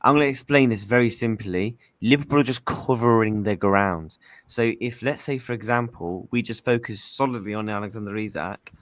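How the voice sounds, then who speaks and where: A man's voice: fairly low pitch, moderate pace, hardly any pauses, a bit bright, dry recording. A man hosting a football fan stream, talking straight to his viewers in a casual way and repeating his points a lot. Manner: talks to viewers directly, repeats himself a lot. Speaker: fan channel host.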